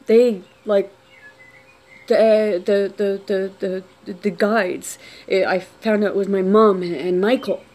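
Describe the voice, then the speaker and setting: Quiet woman telling her own story to camera, lots of restarts, voice trails off. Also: mid-range voice, fairly even intonation. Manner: halting, with many restarts and trailing phrases. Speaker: vlogger telling a personal story. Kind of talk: unscripted personal testimony.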